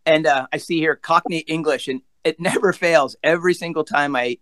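Bright-voiced male podcast host. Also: on the high side, fairly even intonation, fairly quick, no echo. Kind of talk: casual podcast interview.

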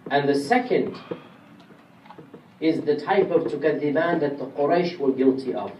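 At a moderate pace and fairly high pitch, a man gives a step-by-step classroom lecture on Quranic commentary, putting questions to his audience. He's an Islamic lecturer, and the recording is muffled with a little hiss or hum, roomy and distant, with faint ambience.

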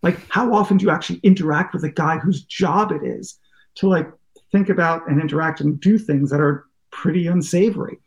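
A man's voice: fairly high pitch, fairly quick, lo-fi sound. A man, a journalist and podcast guest, telling rambling, self-deprecating stories in casual interview talk and acting out what people said. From United States. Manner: rambling anecdotes, curious, self-deprecating, acts out quotes.

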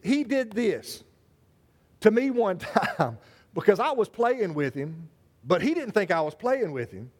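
High-voiced, animated preacher man. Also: measured pace, slightly rough. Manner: animated, conversational, calls out congregation members by name. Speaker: pastor. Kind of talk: sermon.

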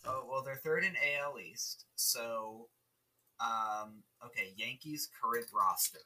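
A man's voice: mid-range voice, slow pace, pushed and bright, distant mic, poor audio. A male podcast co-host in casual, profane, jokey movie-review chat. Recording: voice slightly off-mic.

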